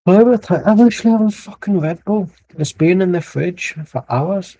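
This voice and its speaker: A man's voice: sits high, animated, normal speed, warm tone, no room sound, poor audio. A young man streaming a football watchalong, chatting casually and rambling with jokes and asides as the match plays. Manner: rambling, joking banter with asides. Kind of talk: casual live match commentary.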